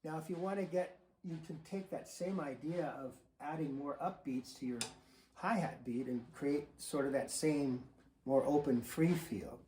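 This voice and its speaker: Relaxed man teaching in a roomy studio. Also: a little high, measured pace. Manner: relaxed, rambling, many fillers and restarts. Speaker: drum teacher. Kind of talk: casual instructional talk. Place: drum studio. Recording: roomy studio sound with faint noise. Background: drums and cymbals played between remarks.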